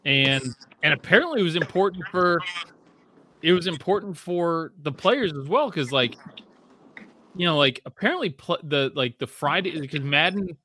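A man's voice: on the high side, normal speed, slight background noise. A man in casual chat, rambling and profane, full of fillers and restarts, voicing quotes as he tells stories. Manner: animated storytelling with voiced quotes.

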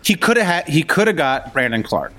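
A man's voice: a little high, very animated, fairly quick, over a noisy crowd. A man talking basketball in a casual podcast chat, rambling with many restarts and jokes, recorded over a remote call. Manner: rambling, stammering restarts, jokey. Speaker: podcast co-host. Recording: remote call, each on own mic.

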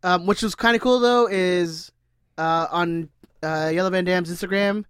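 A man's voice: high-pitched, normal speed, a bit bright, smooth, no room sound, clean studio sound. A man co-hosting a casual sports podcast, laid-back and teasing in a rambling way. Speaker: podcast co-host. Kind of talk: casual chat.

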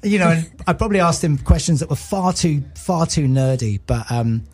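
A man's voice: a little high, expressive, normal speed, a little mellow, slightly rough. A man, a podcast guest rambling through enthusiastic stories and acting out what people said. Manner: rambling, enthusiastic storyteller who acts out quotes. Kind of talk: casual chat.

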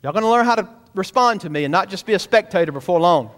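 A man's voice: high-pitched, animated, fast. A man preaching a sermon, emphatic and calling out to his congregation in a church. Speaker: pastor. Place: church sanctuary.

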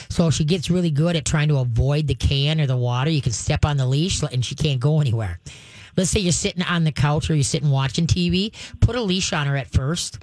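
Her voice sits low and a little mellow, with no room sound in the recording. She's a dog trainer hosting a call-in radio program, offering relaxed, folksy advice and playing out firm commands.

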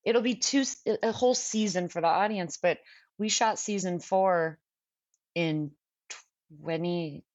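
A woman's voice: fairly low pitch, measured pace, darkish tone, no room sound, lo-fi sound. A woman from California with a Californian accent, co-hosting a podcast in a chatty, self-deprecating way. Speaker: actress, podcast co-host. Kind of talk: casual podcast chat.

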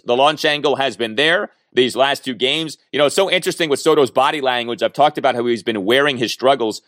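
A man co-hosting a casual baseball talk show, talking in an animated, emphatic way. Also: mid-range voice, dry recording, clean studio sound. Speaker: baseball podcast co-host.

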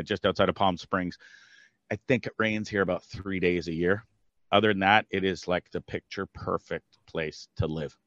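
A man's voice: low voice, a bit bright, no room sound, highs cut off. A man as a podcast guest, chatting in a friendly, upbeat way. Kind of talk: casual podcast chat.

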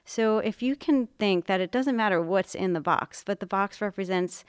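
Middle-aged woman, teacher-mom storyteller, smooth voice, dry close mic. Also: medium pitch, moderate pace, no echo. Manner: animated storyteller, acts out quotes. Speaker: art teacher and mother. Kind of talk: casual storytelling chat.

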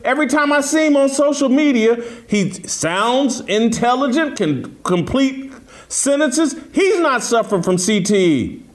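A man hosting a sports talk show, giving blunt, emphatic opinions and telling stories, with a mocking edge. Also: extremely high pitch. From Indianapolis, USA.

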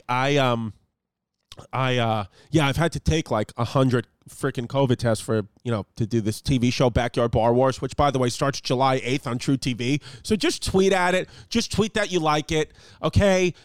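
High-voiced joking man, rambling podcast host. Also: no room sound. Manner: loud, jokey, rambling, crude humor. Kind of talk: casual podcast chat with host-read ads.

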